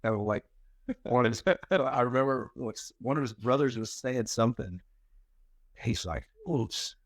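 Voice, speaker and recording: A man's voice: medium pitch, normal speed, no room sound. A man co-hosting a podcast, chatting casually and telling family stories with rambling restarts and easy laughter. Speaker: podcast co-host. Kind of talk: casual chat.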